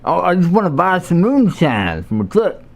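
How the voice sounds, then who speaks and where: A man's voice: high-pitched, wildly swooping pitch, moderate pace, vocal fry, pitched above the performer's own voice, heavily acted. A man voicing a drunk American redneck trucker who keeps asking for moonshine, in a put-on Southern American drawl. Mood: pleading.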